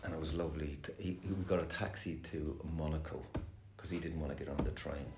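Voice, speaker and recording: A man's voice: a bass voice, steady tone, fast talker. A middle-aged man giving a rambling, candid and heavily profane personal share at a recovery meeting. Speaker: speaker sharing at a recovery meeting. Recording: echoey room with faint noise.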